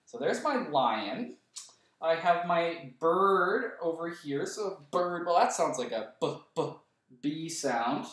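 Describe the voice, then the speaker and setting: Slow-spoken teacher in an echoey room. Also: male voice, fairly high pitch, very animated, fairly bright tone. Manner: slow, sounding out words letter by letter. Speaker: kindergarten teacher. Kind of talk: teaching a writing lesson to young children. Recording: roomy echo, voice a bit far from the mic.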